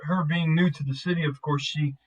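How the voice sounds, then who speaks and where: A man doing a weary, soft-spoken crew leader. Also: on the high side, fairly even intonation, natural voice. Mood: quiet, earnest. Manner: hesitant, halting with many pauses. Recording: muffled lo-fi mic.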